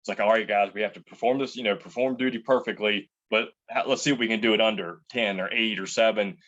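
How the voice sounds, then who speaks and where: A man's voice: on the low side, fairly even intonation, fast, a bit bright, lo-fi sound. A man in an interview who rambles, restarts his sentences and tells anecdotes about working as a chef. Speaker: chef and entrepreneur. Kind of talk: casual interview answers.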